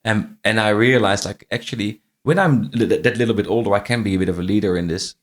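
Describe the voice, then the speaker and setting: A man's voice: on the low side, fast talker. A middle-aged man, not a native English speaker, with a faint Irish-tinged accent, telling stories as a podcast guest, restarting often and repeating phrases. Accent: faint Irish-tinged non-native English. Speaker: podcast guest, franchise CEO. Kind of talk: casual interview storytelling.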